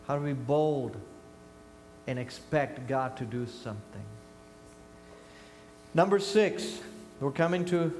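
An older man preaching a sermon as pastor. He is emphatic, swinging between loud high bursts and quiet low asides. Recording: echoey hall with long reverb, faint hum.

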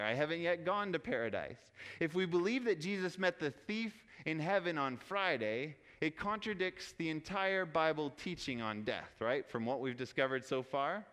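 A man's voice: a little high, a bit bright, clear, resonant tone. Man preaching in a reverberant hall. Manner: conversational, asks audience rhetorical questions. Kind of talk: sermon.

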